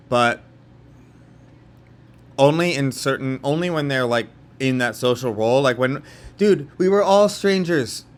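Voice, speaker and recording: A young man from California telling a story in a casual vlog monologue, rambling, with lots of fillers and restarts. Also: mid-range voice. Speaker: vlogger.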